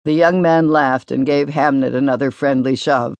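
A woman narrating a novel in a measured, expressive storytelling voice. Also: very deep voice, no room sound, muffled recording. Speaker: audiobook narrator. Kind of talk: scripted narration.

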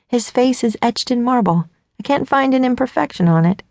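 A woman's voice: a little high, animated, normal speed, creaky, darkish tone, no echo. A woman narrating a first-person audiobook in a self-mocking, flustered voice, close to the mic.

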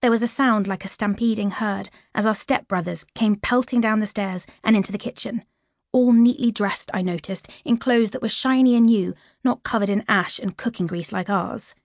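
A woman narrating a children's audiobook at a middle pitch in a clear, lively storytelling manner. The recording is dry and close, with no room sound. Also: normal speed, no echo.

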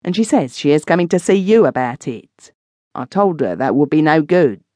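A woman voicing a scheming middle-aged housekeeper in an audiobook, dry and quietly menacing. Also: sits low, lively intonation, normal speed, no room sound. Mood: respectful. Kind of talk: audiobook reading.

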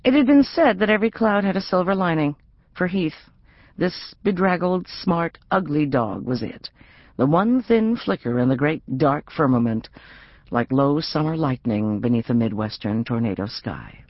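A middle-aged woman narrating an audiobook in an expressive, wry reading. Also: low-pitched, moderate pace, dry recording, dull audio. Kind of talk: scripted narration.

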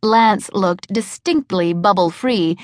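A woman's voice: medium pitch, takes it slowly, no room sound. A woman giving wry, comic first-person audiobook narration in a studio. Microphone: studio microphone.

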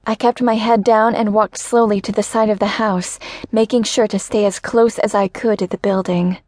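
A woman narrating a first-person romance audiobook in an even, measured reading voice. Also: medium pitch, no room sound, clean studio sound.

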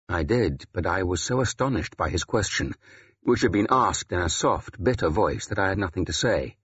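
Deep, husky male audiobook narrator. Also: moderate pace, highs cut off. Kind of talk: first-person scripted narration.

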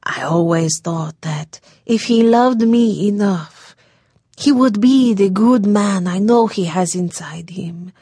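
A woman's voice: medium pitch, slow, dark tone, breathy edge, dry recording, studio quality. A woman voicing a heartbroken, headstrong young daughter who pleads through tears and drops into whispers. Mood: tearful. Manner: tearful, pleading, breaking into whispers.

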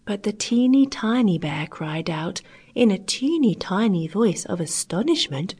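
A woman narrating a children's audiobook in a gentle, expressive reading with character voices. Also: mid-range voice, measured pace, slightly rough.

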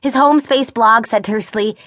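A woman reading a contemporary novel as an audiobook narrator, with wry, expressive storytelling, recorded close in a studio. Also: fairly high pitch, normal speed. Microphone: close studio mic.

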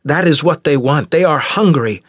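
A man's voice: a little high, animated, moderate pace, dry recording, pitched above the performer's own voice. Man voicing a tense young heir. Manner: tense, pleading.

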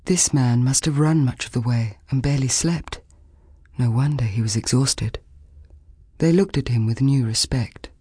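A woman narrating a children's fantasy audiobook in a measured, expressive storytelling manner, recorded close in a studio. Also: rumbling low, husky, no room sound. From Australia. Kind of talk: scripted narration.

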